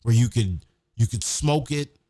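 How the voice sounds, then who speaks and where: A man hosting a podcast, telling stories in a casual, profane, animated way. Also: medium pitch, unhurried, no room sound, studio quality. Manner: profane, animated, acts out quotes. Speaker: podcast host. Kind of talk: casual storytelling.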